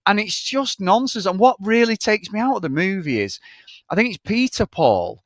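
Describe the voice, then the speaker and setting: A man's voice: sits high, sing-song, normal speed, no echo, studio quality. Blunt, swearing British man. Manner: blunt, swears a lot, exasperated. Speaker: podcast co-host. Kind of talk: casual film review chat.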